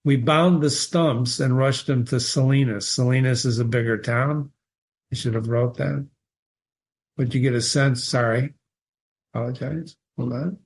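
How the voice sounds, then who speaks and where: A literature teacher reads passages from a short story aloud and analyzes them in a mid-range voice at a measured pace. Animated and questioning, he often stops to quote the text and pose rhetorical questions to his listeners.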